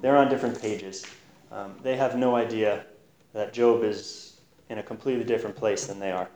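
A man's voice: fairly low pitch, steady tone, moderate pace, darkish tone. A man giving an informal Bible teaching in an earnest, conversational way, pressing hard on key points. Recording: roomy echo.

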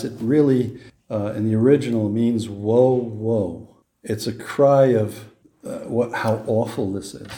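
A man's voice: medium pitch, mellow, echoey room. A man preaching a sermon, reading scripture with rising emphasis and then explaining it in a conversational way with rhetorical questions. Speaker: pastor.

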